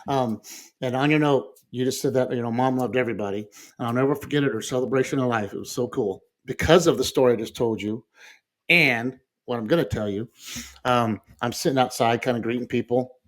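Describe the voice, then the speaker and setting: A middle-aged man telling family stories in casual conversation as a podcast guest, lively and chuckling often. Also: medium pitch, brisk. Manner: animated storyteller who acts out quoted voices, with frequent fillers and chuckles.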